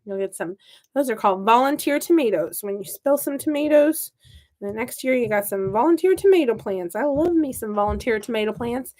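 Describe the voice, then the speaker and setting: Chatty woman in a put-on southern drawl. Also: a little high. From American Midwest. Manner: chatty, joking, talks to her seedlings. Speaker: gardening channel host. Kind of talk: casual live-stream chat while working.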